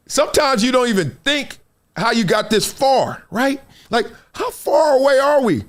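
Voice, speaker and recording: A man's voice: extremely high pitch, big pitch swings, unhurried. A middle-aged man hosting a live stream, reading out news and breaking into slangy, laughing asides. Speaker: host.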